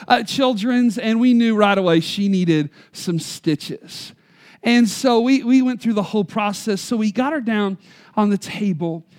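High-voiced pastor preaching. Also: male voice. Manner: storytelling, emphatic, varies loudness for effect. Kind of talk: sermon. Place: church.

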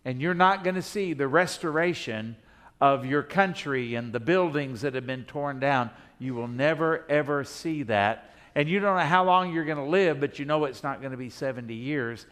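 A man's voice: on the high side, normal speed, fairly bright tone. A male pastor preaching a sermon in a conversational way, asking the congregation rhetorical questions and speaking in the imagined voices of the people.

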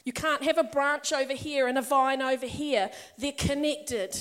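High-voiced woman preaching a sermon. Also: steady tone, moderate pace, fairly bright tone. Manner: conversational and personal, building to emphatic passages. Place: church or meeting hall with a congregation.

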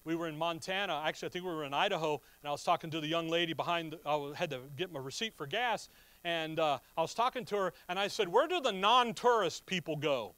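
A middle-aged man preaching a sermon, emphatic, quizzing his listeners and reading scripture slowly and loudly. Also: fairly high pitch, smooth, no echo. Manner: emphatic, asks the audience questions.

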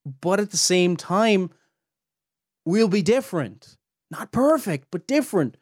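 A man's voice: high voice, sing-song, a little slow, darkish tone, no room sound, studio quality. A man hosting a podcast, teaching on theology in an earnest, emphatic way that climbs sharply when he presses a point. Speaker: podcast host and Bible teacher.

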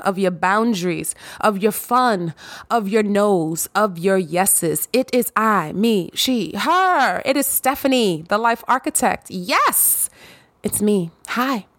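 A woman's voice: mid-range voice, no echo. A woman hosting her own podcast in a casual monologue, playful and sassy, drawing out her words and dropping in little hums of agreement. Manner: playful, giddy, sassy, with drawn-out affirmations. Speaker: podcast host.

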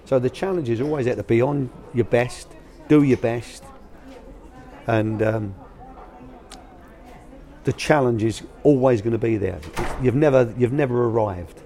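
Measured and dark-toned, with long pauses, an older man of medium pitch tells interview stories from his time as a youth academy manager. He speaks colloquially about coaching young players and acts out the voices in his anecdotes.

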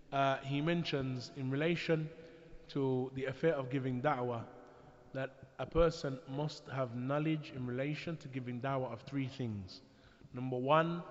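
A man giving a religious lecture in a measured way, with frequent restarts and pauses. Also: mid-range voice. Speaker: Islamic preacher. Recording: echoey hall, dull lo-fi sound.

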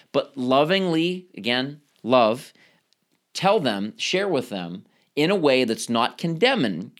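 Animated male pharmacist podcast host. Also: mid-range voice. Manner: animated, acts out quoted voices; coaching, speaks straight to the listener. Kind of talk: motivational podcast talk.

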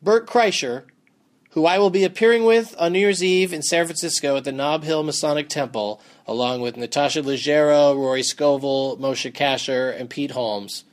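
A podcast host reading show plugs in a dry, deadpan way, trailing off flatly. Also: male voice, on the high side, moderate pace.

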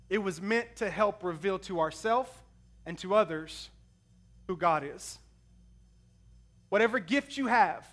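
A man's voice: high-pitched, a bit bright. A man in his thirties preaching a sermon, telling personal stories in an emotional, conversational way. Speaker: pastor.

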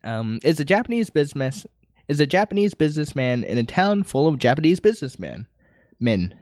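Lively animated man on a podcast. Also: fairly high pitch, a little fast, no echo, clean studio sound. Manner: laughs often, animated delivery. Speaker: podcast co-host. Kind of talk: casual chat.

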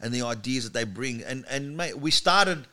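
A middle-aged man with an Australian accent, a guest comedian chatting casually and telling animated stories. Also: mid-range voice, moderate pace. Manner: animated, slips into impressions of other people. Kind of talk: casual chat, storytelling.

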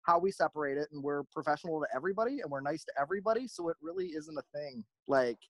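A fast, rambling male talker who slips into little impressions of the people he's quoting. His voice sits a bit high for a man, and the sound is dry and close, with no room around it. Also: no echo. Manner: rambling, animated, acts out quoted voices. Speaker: podcast host, merch company owner. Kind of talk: casual chat.

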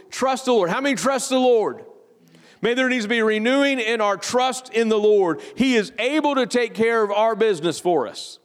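Male pastor, higher voice, slow emphatic sermon delivery, church hall echo. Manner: slow emphatic scripture reading, drawn-out phrases. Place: church sanctuary. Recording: long church hall reverb.

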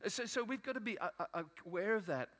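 A man preaching a sermon to his congregation, pitched a little high. He talks in an animated, emphatic way and often stops to restart his sentences. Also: fast. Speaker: pastor.

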